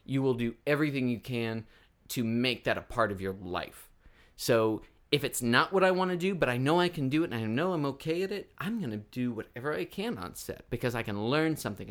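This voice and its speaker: A man's voice: medium pitch, animated, brisk. A man who is an actor, chatting as a guest on a comedy podcast in an easygoing, rambling way with frequent laughs. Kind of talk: casual comedy podcast chat.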